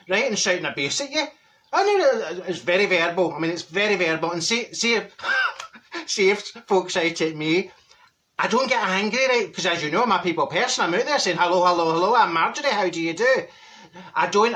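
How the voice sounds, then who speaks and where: Bloke doing a gabby glasgow woman of a certain age, bright voice, swoops up high and laughs mid-sentence, comedy monologue to camera. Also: full character voice. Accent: Glaswegian. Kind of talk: comic character monologue to camera.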